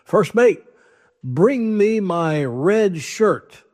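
A man voicing a commanding ship captain from the seventeen hundreds in a told joke, speaking gruffly and giving orders. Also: sits high, expressive, very slow, darkish tone, voice pushed up, heavily acted.

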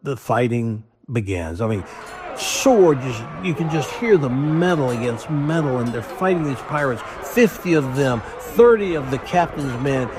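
A man in an ordinary middle pitch, hosting his show and telling a long joke. He draws the story out casually, restarting his sentences as he goes. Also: sing-song, noisy background. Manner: chatty, drawn-out storytelling with restarts. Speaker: podcast host.

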